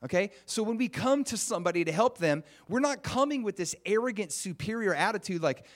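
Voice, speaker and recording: A man preaches a conversational sermon, earnest and often posing questions to the congregation. He talks a little fast with hardly any pauses, restarting frequently, his pitch swinging lively.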